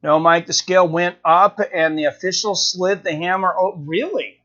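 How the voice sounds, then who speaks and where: High-voiced man rambling on a lo-fi stream. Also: moderate pace, sharp tone. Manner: rambling, thinking aloud with many fillers and restarts. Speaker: live stream host. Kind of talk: casual live-stream chat, reading viewer comments. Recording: dull lo-fi stream audio.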